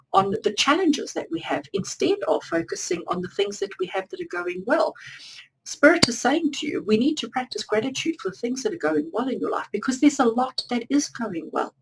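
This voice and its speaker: Woman, tarot reader; earnest, encouraging, direct address; voice a touch high; recorded a bit off-mic. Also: distant mic, slight background noise, low-quality recording. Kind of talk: pick-a-card tarot reading.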